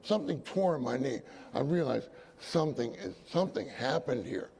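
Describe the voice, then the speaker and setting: A man's voice: mid-range voice, animated, moderate pace, gravelly, darkish tone, breathy edge. A man preaching a sermon, telling a personal story with repeated phrases and asides to his congregation. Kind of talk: sermon testimony.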